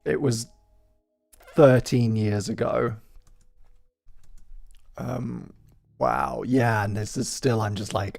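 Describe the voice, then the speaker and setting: Man, 30s, relaxed self-deprecating streamer, slow delivery, faint music bed. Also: medium pitch, vocal fry. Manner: chatty, self-deprecating, joking asides. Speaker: live-stream host. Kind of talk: casual live-stream commentary.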